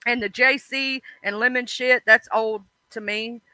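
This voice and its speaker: A woman's voice: on the high side, fairly even intonation, unhurried, bright, forceful tone, no echo, poor audio. A woman hosting a casual livestream, chatting bluntly about online drama and swearing freely. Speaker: livestream host.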